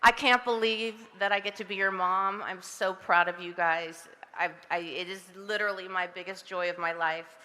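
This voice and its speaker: A woman's voice: mid-range voice, fairly even intonation, normal speed, hardly any pauses, pushed and bright. A woman in her fifties from Southern California giving an emotional acceptance speech at an outdoor ceremony, gushing and laughing often as she talks. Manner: breathless, giggly, gushing with frequent laughs. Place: outdoor ceremony on a public street. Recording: PA speech with long street echo.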